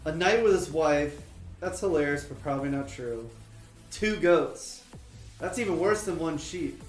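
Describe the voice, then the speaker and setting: A man's voice: a little high, lively intonation, a little slow. A man co-hosting an online trivia livestream, joking around and rambling with lots of "like". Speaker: trivia co-host. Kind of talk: casual trivia livestream chat. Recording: roomy echo with faint music.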